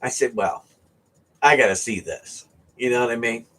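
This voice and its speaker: A man from the US East Coast telling a casual fishing story, animated and often checking in with "right?". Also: mid-range voice, moderate pace. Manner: animated, keeps asking "right?". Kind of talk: casual anecdote.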